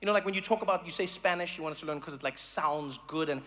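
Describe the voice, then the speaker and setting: A man from South Africa doing animated stand-up comedy, slipping into mock voices. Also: on the high side, fast.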